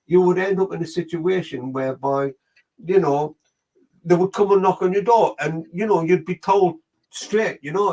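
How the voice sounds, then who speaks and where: High-voiced medium. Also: male voice, moderate pace, a little mellow, rough recording. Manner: rambling storyteller, relaying a spirit's words. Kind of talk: live psychic reading.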